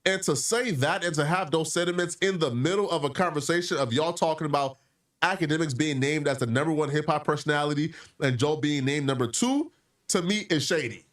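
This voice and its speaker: A man making a commentary video, animated and opinionated, mimicking other people as he argues. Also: fairly high pitch, fairly quick, distant mic. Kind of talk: hip-hop commentary video.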